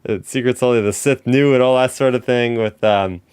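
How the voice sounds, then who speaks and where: The podcast host, a man with a medium pitch, talks fairly quickly in a smooth voice with no echo. He's an excited fan in casual chat, restarting often and saying "like" a lot among many fillers.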